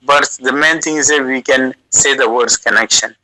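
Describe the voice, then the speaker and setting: A man whose first language is South Asian talks through an audio call in a sharp, forceful voice. He goes slowly and haltingly, filling gaps with uh and restarting phrases. The sound is dry and close. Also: mid-range voice, no room sound, poor audio. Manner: slow, halting, many uh fillers and restarts. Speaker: guest giving language advice. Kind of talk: casual advice over an audio call. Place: lives in the United Kingdom.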